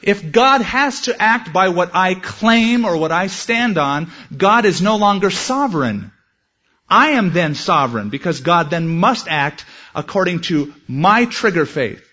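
An earnest male pastor delivers a sermon, with a voice that sits a touch higher than most men's. He moves from personal anecdote into quoted scripture and prayer. The recording sounds dull and lo-fi. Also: lively intonation, a little slow, sharp tone.

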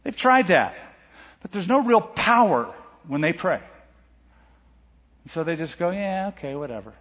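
A middle-aged man preaching a sermon as pastor, animated, asking rhetorical questions and reading scripture aloud. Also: high voice, measured pace, breathy edge. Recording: lo-fi church recording with long hall reverb.

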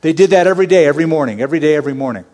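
A man with a fairly high voice preaches through scripture in a relaxed, conversational manner, then pushes into urgent, emphatic appeals. His voice rings out with the long reverb of a large hall. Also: rapid-fire. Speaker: Bible teacher. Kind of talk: expository sermon.

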